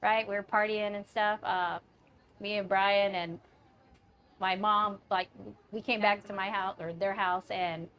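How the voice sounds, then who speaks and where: A woman's voice: mid-range voice, steady tone, a little slow, fairly bright tone, slight background noise. A young woman telling a drunken party story in casual chat. She swears freely, laughs often and acts out the voices of the people she quotes. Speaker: podcast co-host telling a story.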